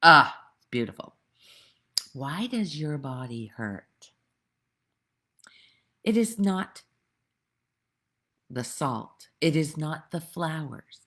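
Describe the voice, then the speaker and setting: A woman with a very deep, husky voice gives a slow spiritual talk outdoors. She rambles earnestly, and her pitch swings widely into sudden animated bursts. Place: outdoors with birds nearby.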